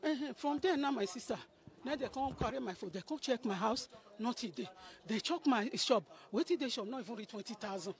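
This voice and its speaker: A middle-aged woman gives an emotional spoken testimony in a Nigerian Pidgin English accent, acting out what people told her. Her voice is a little high and her pace fairly quick.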